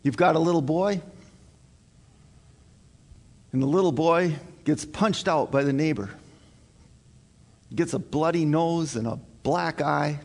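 A man's voice: fairly high pitch, darkish tone. Earnest male pastor preaching in a reverberant hall. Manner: earnest, emphatic preaching with repeated points. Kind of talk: sermon.

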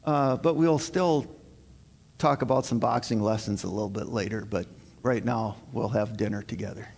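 A man's voice: on the low side, normal speed, vocal fry, darkish tone, slightly rough. A male pastor preaching a sermon to his congregation in an earnest, emphatic way, repeating his key points. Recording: long hall reverb.

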